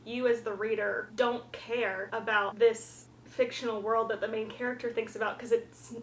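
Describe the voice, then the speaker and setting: Young woman from the South, casual book vlogger; frank and chatty with lots of fillers, a touch high-pitched, recorded in a roomy space with faint hiss. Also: level tone, normal speed. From Southern United States, the Carolinas. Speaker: book reviewer. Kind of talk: casual chat.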